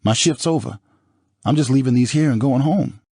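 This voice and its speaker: Audiobook: male narrator voicing a jittery young waiter, stammering and high, husky tone. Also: moderate pace, dark tone, dry recording, studio quality. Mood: nervous pleading. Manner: stammering, raised and pleading.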